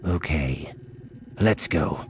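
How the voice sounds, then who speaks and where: Guy reading a cold warrior woman, flat clipped lines, slow and low, audiobook. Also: a little hiss or hum, full character voice. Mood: cool, flat. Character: cool, guarded female warrior, flat-voiced. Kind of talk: audiobook character voice.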